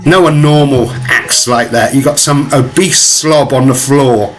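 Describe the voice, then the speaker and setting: A man's voice: mid-range voice, measured pace, soft background music. Man ranting with scornful laughs. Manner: scornful, profane, with mocking laughs. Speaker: vlogger reacting to clips. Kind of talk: ranting commentary over video clips.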